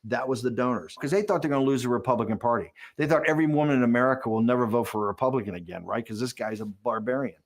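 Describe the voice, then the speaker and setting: A man being interviewed, telling a behind-the-scenes story in an animated way, with lots of restarts and repeated words. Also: medium pitch. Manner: rapid, animated storyteller, acting out quotes and chuckling. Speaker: interviewee, political strategist.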